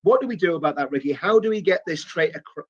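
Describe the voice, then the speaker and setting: A man's voice: a little high, animated, quick pace. A man giving an indignant political monologue with stumbling repetitions, heard in a played clip. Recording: dull lo-fi clip audio.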